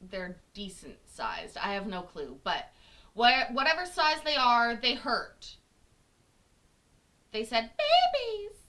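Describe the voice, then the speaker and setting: Bubbly, bright-voiced chatty woman. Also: medium pitch. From Scotland. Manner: chatty, self-mocking, giggly. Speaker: host reacting to court videos. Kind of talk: casual chat.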